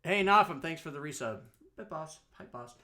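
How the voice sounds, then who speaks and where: A man hosting a live-streamed talk show, walking through software in a chatty, rambling way and often correcting himself. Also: on the high side, expressive, normal speed.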